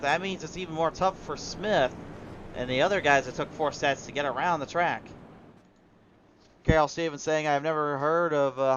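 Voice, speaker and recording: The recording of this Iowa, USA sim racing commentator has its highs cut off and a bit of hiss or hum, and his voice runs on the high side. He delivers play-by-play, chats with viewers, reads their messages, and lifts into excited calls.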